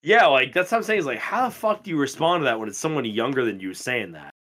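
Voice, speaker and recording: A man in his twenties co-hosting a podcast, telling stories in a casual, profane and animated way. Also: medium pitch, quick pace. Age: 20s. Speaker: podcast co-host. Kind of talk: casual chat.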